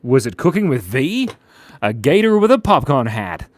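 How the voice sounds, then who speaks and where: A man's voice: mid-range voice, big pitch swings, moderate pace, no room sound. A young man hosting a casual livestream, drawing requests and reading chat aloud in a playful, giggly way.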